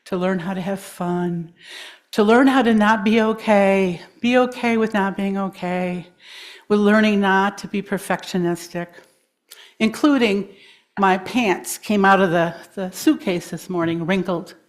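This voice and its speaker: A woman speaker at a congregation gathering, gently guiding listeners through breathing and grounding, encouraging and quick to laugh. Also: mid-range voice. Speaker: guest speaker. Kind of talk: guided breathing exercise in a talk. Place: congregation hall.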